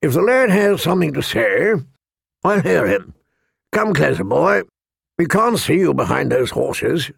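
A man voicing an impatient, gruff old military commander who growls his words. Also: a little high, very animated, a little slow, dry recording, clean studio sound, pitched above the performer's own voice, exaggerated voice. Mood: commanding.

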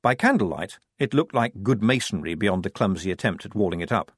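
Wry, expressive male audiobook narrator. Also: lowish voice, fairly quick, hardly any pauses, slightly rough, dry recording, studio quality.

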